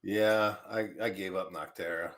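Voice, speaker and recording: A man's voice: low-pitched, steady tone, unhurried, a bit bright. A man co-hosting a casual live chat, blunt and profane, ranting freely. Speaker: co-host.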